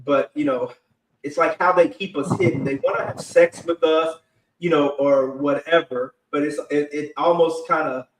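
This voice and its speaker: A man's voice: a little high, fairly even intonation, moderate pace, recorded from a distance, slight background noise. A man hosting a live panel discussion, talking in a rambling, conversational way full of fillers. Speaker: panel host. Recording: echoey room, away from mic.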